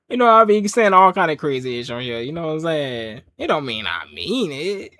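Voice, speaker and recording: Male watch-along reviewer, fairly high and bouncy, joking, dry close mic. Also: pushed and bright, no echo. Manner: loose, joking rants with frequent laughs. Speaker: wrestling show reviewer. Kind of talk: casual watch-along commentary.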